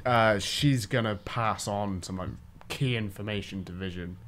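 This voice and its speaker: Male podcast co-host, low voice, relaxed delivery that fades at phrase ends. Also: unhurried. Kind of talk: casual chat.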